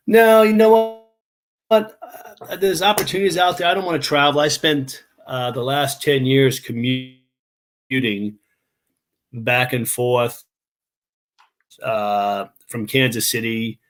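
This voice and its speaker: A man giving a remote interview on a video call, halting and restarting often as he explains things at length. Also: medium pitch, fairly even intonation, fairly bright tone. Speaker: interview guest.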